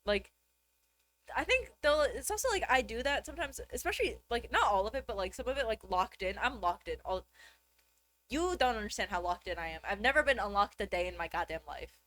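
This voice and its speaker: A woman with a bright, sharp voice chats casually. Her pitch swings widely, and she rambles with constant filler words. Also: lively intonation, a little fast, no room sound. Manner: chatty, filler-heavy rambling with lots of "like". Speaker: co-host. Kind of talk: casual chat.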